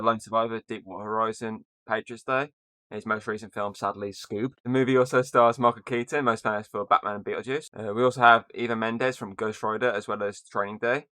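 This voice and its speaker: A man's voice: on the low side, sharp tone, no echo. A man hosting a casual movie podcast, running through the cast and plot with jokes. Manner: reads movie rundown, joking. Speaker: podcast host.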